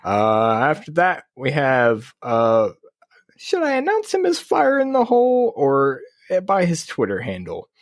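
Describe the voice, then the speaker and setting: A man's voice: a little slow, no echo, clean studio sound. A man co-hosting a podcast over a video call, chatting casually, laughing often and reading out listener messages. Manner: laid-back, laughing often, lively pitch. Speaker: podcast co-host.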